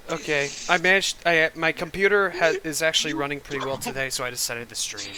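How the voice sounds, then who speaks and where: A man's voice: on the high side, brisk, crowd noise, low-quality recording. A man hosting a casual stream, chatting and teasing friends on voice chat. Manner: relaxed, joking and teasing. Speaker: streamer host.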